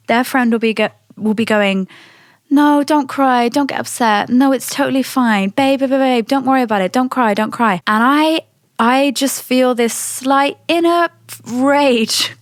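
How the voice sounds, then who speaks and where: A woman, talking in a candid, animated casual monologue and swearing freely. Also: mid-range voice, no room sound, clean studio sound. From Britain.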